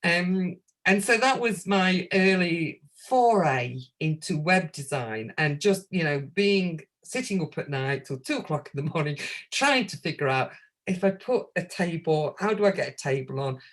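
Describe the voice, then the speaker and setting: A woman from the UK, a guest astrologer in an interview, telling lively stories and acting out the phone calls she describes. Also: on the low side, normal speed. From United Kingdom. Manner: lively anecdote-teller who acts out quoted phone calls and laughs often. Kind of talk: casual interview storytelling.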